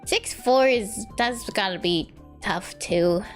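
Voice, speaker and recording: A woman's voice: mid-range voice, slow pace, faint music behind. A young woman VTuber chatting casually on a live stream while she draws, rambling, laughing often and answering her chat.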